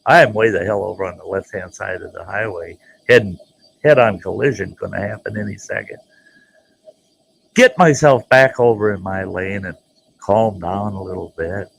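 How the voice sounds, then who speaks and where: A man telling a folksy, animated story as the host of his own show, jumping into voices for the people he quotes. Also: fairly low pitch, moderate pace, gravelly, a little hiss or hum, low-quality recording. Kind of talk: casual spoken storytelling.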